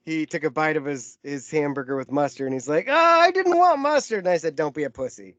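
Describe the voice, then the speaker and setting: A man's voice: fairly high pitch, brisk, a little mellow, no echo, muffled recording. Laughing man telling stories on a podcast. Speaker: podcast co-host. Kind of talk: casual chat. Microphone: home mic over an internet call.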